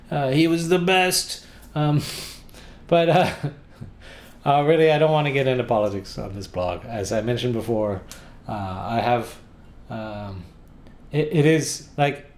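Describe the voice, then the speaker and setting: An American man talking about his travel guidebook in a casual, rambling way, with sarcastic jokes and frequent restarts. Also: a little high. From United States. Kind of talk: casual rambling vlog talk.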